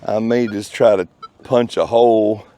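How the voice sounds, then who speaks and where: A man's voice: fairly low pitch, fairly even intonation, unhurried, dark tone. A man with a Texan accent narrating his metal detecting outdoors in a park, folksy and jokey, tossing out playful made-up words. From Texas. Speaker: metal detecting channel host. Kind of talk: casual narration while detecting.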